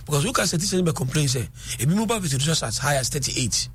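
Fast-talking Ghanaian man, husky. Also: on the high side. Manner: switches between English and Twi, animated storytelling. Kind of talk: casual discussion.

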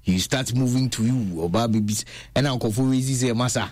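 A man's voice: medium pitch, normal speed, a little mellow, dry recording. A man, taking part in a casual discussion and mixing languages. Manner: short agreeing interjections and mixed languages.

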